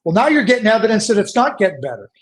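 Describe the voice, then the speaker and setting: High-pitched canadian guy ranting about hockey, keeps doubling up words to make his point. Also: big pitch swings, rapid-fire. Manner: emphatic, repeats words when pressing a point. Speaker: hockey analyst guest. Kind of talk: animated opinionated podcast talk.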